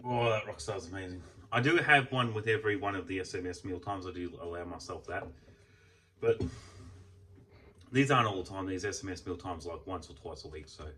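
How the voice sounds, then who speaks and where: A man's voice: low-pitched, fairly quick, bright, forceful tone, distant mic, a little hiss or hum. A young Australian man ranting in a casual vlog, heated and swearing a lot. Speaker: vlogger. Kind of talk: casual venting rant.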